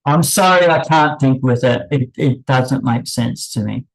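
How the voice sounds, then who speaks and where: Guy rambling slowly on his channel, lots of stops and restarts, wry sorry-not-sorry asides. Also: mid-range voice, poor audio. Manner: halting, pausing, with many restarts. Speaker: channel host. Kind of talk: unscripted commentary.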